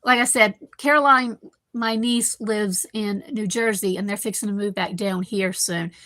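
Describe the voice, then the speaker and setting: A woman's voice: medium pitch, fairly even intonation, moderate pace, bright, forceful tone, dry recording. A woman, rambling casually as she hosts a live stream from her home kitchen and chats with viewers by name. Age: 50s. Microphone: computer microphone.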